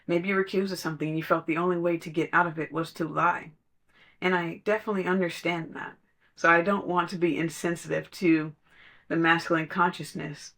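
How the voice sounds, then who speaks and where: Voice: medium pitch, fairly bright tone. A podcast speaker in casual spiritual talk, telling stories conversationally and laughing now and then.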